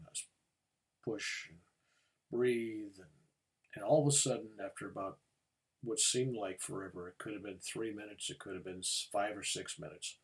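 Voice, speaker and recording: Older man, reverend, personal testimony, gravelly voice, earnest storytelling, rising urgency. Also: fairly low pitch.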